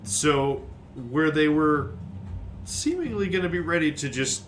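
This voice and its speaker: Slow-talking man running a tabletop game. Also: on the high side, lively intonation, a little hiss or hum. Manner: laughs often, halting narration with many restarts. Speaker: game master.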